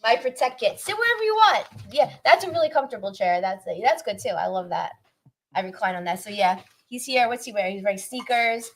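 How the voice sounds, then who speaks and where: A woman hosts a live podcast in a loose, chatty way, joking as she goes. Her voice sits at a middle pitch. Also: animated, fairly quick. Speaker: host. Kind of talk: casual podcast chat.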